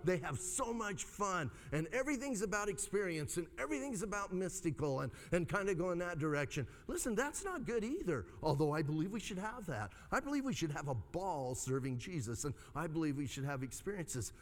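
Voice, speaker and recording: Man, pastor preaching, high voice, very lively intonation, conversational and animated. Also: a little fast, hardly any pauses, long reverb tail. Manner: animated, conversational preaching with dramatic pitch swings. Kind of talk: sermon.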